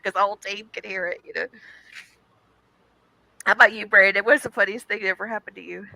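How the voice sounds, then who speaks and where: Bright-voiced woman podcast host. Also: mid-range voice, fast, gravelly, pauses often, no echo, low-quality recording. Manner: animated storyteller, laughs often. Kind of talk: casual chat.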